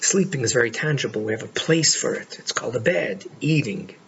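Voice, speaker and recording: A middle-aged man speaking as a life coach in an earnest, heartfelt monologue, often pausing to stress words. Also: mid-range voice, expressive, gravelly, fairly bright tone. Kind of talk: monologue to camera. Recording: dull lo-fi audio with faint noise.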